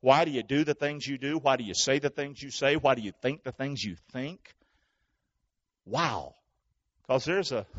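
A male pastor preaching a sermon to his church, calling for responses and swinging between shouting and hushed talk. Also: a little high, highs cut off.

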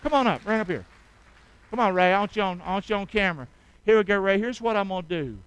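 Middle-aged male preacher, bright forceful tone, swings between soft asides and loud calls to the congregation. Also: sits high, lively intonation, fast talker, clear, resonant tone, no room sound, low-quality recording. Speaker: pastor. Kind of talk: sermon.

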